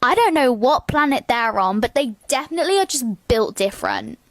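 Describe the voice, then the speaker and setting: A woman's voice: high voice, big pitch swings, brisk, no echo. A woman complaining about school in an indignant, sarcastic rant. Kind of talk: comedic storytime rant.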